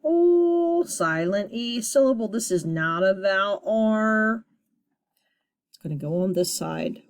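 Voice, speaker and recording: A woman teacher giving a recorded phonics lesson to young students, upbeat and sounding out each sound deliberately. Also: medium pitch.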